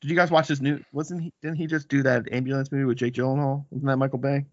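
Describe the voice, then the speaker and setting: A man's voice: mid-range voice, level tone, quick pace, darkish tone, dry recording, dull audio. A man hosting a casual movie podcast, joking and boasting playfully with his brothers. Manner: playful, boastful banter with laughs. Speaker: podcast host.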